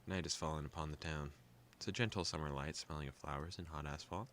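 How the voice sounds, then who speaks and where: A young man hosting a gaming video, calmly reading a visual novel aloud with joking asides. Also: extremely low pitch, fast, slight background noise.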